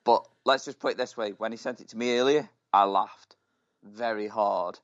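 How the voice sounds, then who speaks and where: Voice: mid-range voice, normal speed. A podcast co-host in casual chat, teasing and jokey, drawing words out. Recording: dull lo-fi mic.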